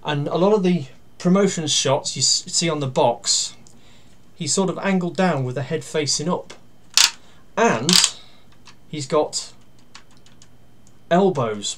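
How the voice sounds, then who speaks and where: A man giving a casual toy review. He talks through each step while handling the toy, pausing and using fillers, and grumbles dryly about its flaws. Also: fairly high pitch. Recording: steady background noise with plastic clicks.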